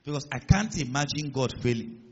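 A male pastor preaching a sermon in a large church hall, emphatic and building to loud declarations. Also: mid-range voice, expressive, fairly quick, husky. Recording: muffled sound with long hall reverb.

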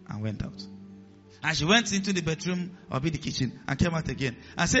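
Male pastor, bright animated preaching voice, slightly muffled recording. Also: fairly high pitch, quick pace, faint music behind. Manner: animated preaching, acts out voices in the stories, drops to a hiss for commands. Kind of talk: sermon. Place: church hall with a congregation.

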